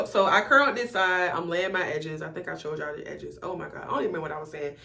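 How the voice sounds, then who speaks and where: A woman's voice: lowish voice, fast talker, gravelly, bright, forceful tone. Chatty woman vlogging candidly. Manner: chatty, candid and profane, talking straight to viewers. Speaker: beauty vlogger. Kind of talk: casual chit-chat while styling a wig. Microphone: phone camera.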